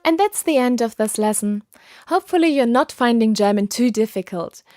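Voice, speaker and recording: A woman teaching a scripted podcast language lesson, speaking patiently and enunciating clearly. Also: fairly high pitch, expressive, normal speed, a little mellow, dry recording, clean studio sound, soft background music.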